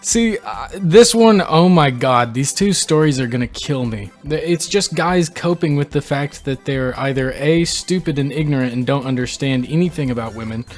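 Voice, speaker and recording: A young man hosting a reaction video, reading posts aloud and reacting with animated disbelief. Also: on the high side, moderate pace, soft background music. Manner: incredulous, animated, reads quotes aloud and reacts. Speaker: channel host reading posts. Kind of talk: reaction commentary.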